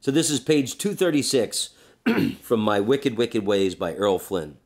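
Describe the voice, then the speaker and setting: A man's voice: fairly low pitch, measured pace. A man hosting a podcast, telling a story with crude jokes and reading passages aloud. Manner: animated storyteller, crude jokes, acts out voices. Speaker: podcast host.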